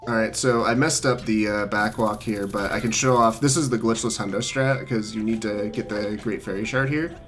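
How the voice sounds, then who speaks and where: A man's voice: fairly low pitch, fairly even intonation, normal speed, few pauses, fairly bright tone. A man streaming a speedrun, chatting casually and explaining his tricks as he plays. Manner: laid-back, explains tricks while playing. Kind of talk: casual live-stream chat. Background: faint game music.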